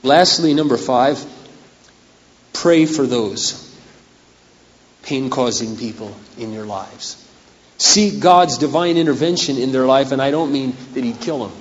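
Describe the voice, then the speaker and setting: Hoarse, dramatic preacher in an echoing hall. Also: male voice, mid-range voice, a little slow, pauses often, slight background noise. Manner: dramatic and humorous, acts out scenes. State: voice going hoarse. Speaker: pastor. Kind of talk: sermon. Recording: echoey hall on dull lo-fi recording.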